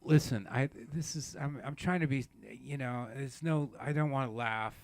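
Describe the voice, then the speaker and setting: A man's voice: normal speed, darkish tone. A male host of a comedic variety show, rambling with many hesitations in a mock-solemn way. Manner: rambling, hesitant, mock-solemn, breaks into high laughing apologies. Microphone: studio microphone.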